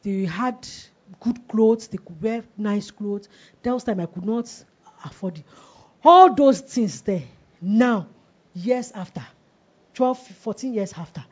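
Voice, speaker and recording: She's in her forties, preaching slowly in a husky, mid-range voice with a darkish tone and plenty of expression. Emphatic call-and-response questions go out to the congregation, who answer back, and the recording is dull and lo-fi.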